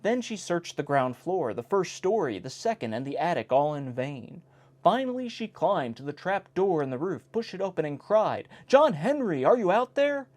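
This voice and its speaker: A man reads an old joke book aloud in a relaxed, casual way. His voice sits a little high and swings about animatedly. He keeps breaking off for wry remarks on each joke. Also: moderate pace. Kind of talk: casual reading aloud with commentary. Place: indoor home recording in South Carolina.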